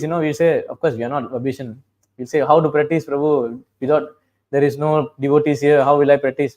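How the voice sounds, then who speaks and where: A man's voice: a little high, darkish tone. A man giving a conversational, storytelling sermon, quoting dialogue and chanting verses, often saying "you know". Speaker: preacher.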